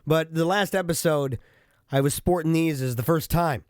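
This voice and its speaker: A man vlogging in a casual monologue into a studio microphone, chatty, animated and poking fun at himself. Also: on the high side, normal speed, no echo. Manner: chatty, self-mocking and animated. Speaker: vlogger and podcast host. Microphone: studio microphone with headphones.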